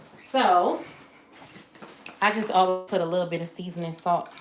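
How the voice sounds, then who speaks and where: A woman runs a casual live cooking stream in her home kitchen. She chats with viewers, greets them by name and talks through every step. Her voice sits at a middle pitch and bounces around a roomy kitchen, with soft pan and dish clatter behind her. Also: slight background noise. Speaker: livestream cooking host. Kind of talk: casual cook-along live chat. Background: clatter of dishes and pans.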